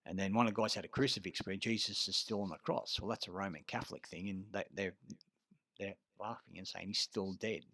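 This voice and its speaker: An Australian man telling a rambling story in a casual monologue, swearing often and pausing on fillers. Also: sits low, steady tone, sharp tone, no room sound. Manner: rambling and profane, full of filler words. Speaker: vlogger.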